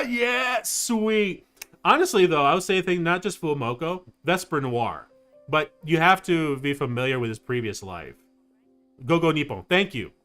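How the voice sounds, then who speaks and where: Guy streaming a game, voice all over the place, rambly and excited, a little music in the background. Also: mid-range voice. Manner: rambling, excitable, lots of fillers and laughs. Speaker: VTuber streamer. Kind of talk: casual livestream chat while gaming.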